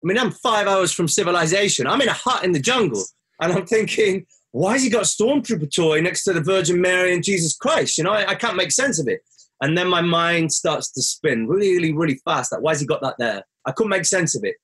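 A man with a somewhat high, breathy and husky voice tells a personal story as a guest. He speaks earnestly and reflectively. When he quotes what he said or thought, his voice leaps sharply upward. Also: expressive, a little fast, fairly bright tone. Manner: earnest, rises sharply when quoting himself.

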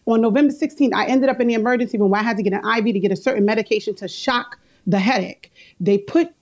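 A woman's voice: a little high, fast. A woman defending herself in a courtroom case, telling her story at length and acting out what was said. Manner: animated storyteller who acts out quotes. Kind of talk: heated courtroom testimony.

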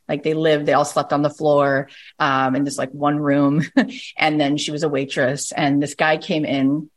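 Woman host-coach, middle-aged, low-ish voice, animated and emphatic when telling stories. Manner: animated storyteller, emphatic, uses "like" often. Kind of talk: coaching conversation, storytelling.

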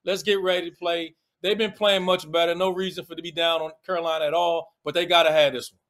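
A man with a Washington DC accent co-hosting a casual sports podcast, animated, slangy and teasing. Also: a little high, quick pace. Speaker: podcast co-host.

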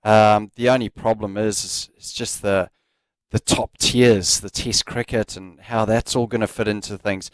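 A man co-hosting a casual sports chat, speaking in a relaxed way and thinking aloud with plenty of fillers. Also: fairly low pitch, measured pace, dry recording. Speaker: co-host.

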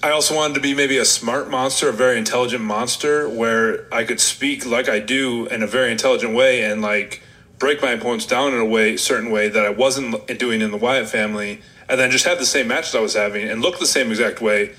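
Candid, bright-voiced man telling war stories. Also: medium pitch, fairly even intonation, a little fast, poor audio. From Rochester, New York. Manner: candid, rambling, self-deprecating. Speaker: guest, former wrestler. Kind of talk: casual interview storytelling.

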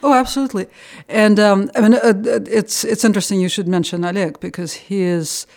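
A woman's voice: mid-range voice, steady tone, darkish tone. Thoughtful older woman. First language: Russian. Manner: thoughtful, explains at length with frequent pauses to find the word. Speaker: translator and guest. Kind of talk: interview conversation.

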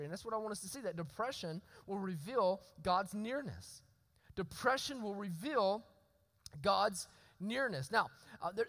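A man's voice: sits high, bright, forceful tone. A male pastor preaching a sermon in a church, talking conversationally, repeating his phrases and asking the congregation questions. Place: church sanctuary. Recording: long hall reverb.

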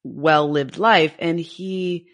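A woman with a Michigan accent co-hosting a casual podcast, speaking in a measured, thoughtful way. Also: low-pitched, steady tone. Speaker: podcast co-host.

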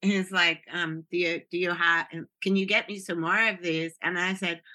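A woman's voice: fairly low pitch, steady tone, normal speed, sharp tone. A woman in her sixties, a guest telling stories in casual chat, often laughing and restarting her sentences.

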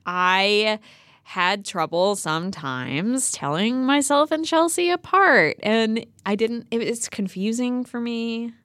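A woman's voice: on the high side, animated, takes it slowly, fairly bright tone, no room sound. Playful laughing woman host, dry sound. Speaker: podcast host. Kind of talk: casual chat.

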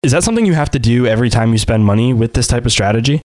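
A man's voice: medium pitch, expressive, rapid-fire, darkish tone, no echo. A man hosting an interview podcast, asking friendly, long-winded questions. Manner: friendly, relatable, asks long lead-in questions. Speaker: podcast host.

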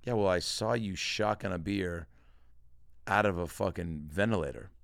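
Deep voiced comedian guy riffing on his podcast, acts out every quote. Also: normal speed, vocal fry, smooth, dry recording, clean studio sound. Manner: animated storyteller, acts out quotes. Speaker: podcast host.

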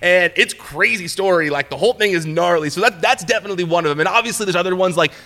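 A young man telling a wild story in a relaxed chat, his voice bright and sitting a bit high for a man. He stumbles through restarts and fillers and jumps up in pitch whenever he acts out what someone said. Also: fast. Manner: animated storyteller, acts out quotes in a higher voice, many fillers and restarts. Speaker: podcast guest, former entertainment reporter.

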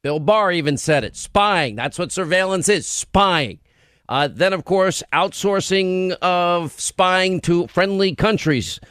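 A man's voice: high-pitched, takes it slowly, fairly bright tone, smooth, dry recording. Combative male talk radio host, dry close mic. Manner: combative and sarcastic, rattles off lists. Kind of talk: opinionated radio talk monologue.

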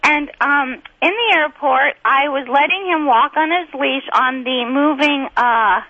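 A middle-aged woman, a guest comedian, telling rambling, excitable stories over a phone line. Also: high-pitched, unhurried, no room sound. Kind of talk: chatty phone interview storytelling.

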